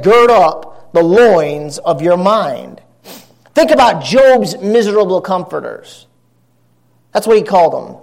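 A man preaching a sermon as pastor, earnest with wry asides. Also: sits high.

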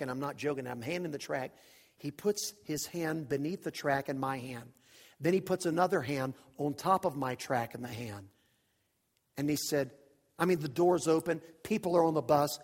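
A man preaching a storytelling sermon, animated and dramatic, swinging from hushed asides to shouts. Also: fairly high pitch, normal speed. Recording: long reverb of a large hall.

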